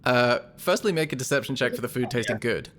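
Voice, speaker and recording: Man as game master for a tabletop game, casual, laughs a lot, mid-pitched. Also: expressive, fast talker, a bit bright. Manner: laughing often, loose and casual.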